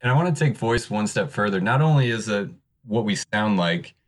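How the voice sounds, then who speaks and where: Earnest low-voiced man on a podcast. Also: animated, moderate pace. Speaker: podcaster, co-host. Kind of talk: casual podcast chat.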